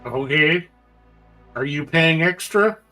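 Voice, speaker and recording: A man playing a tabletop game in character, talking casually and deadpan, asking short questions. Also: a little high, takes it slowly, soft background music. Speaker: player.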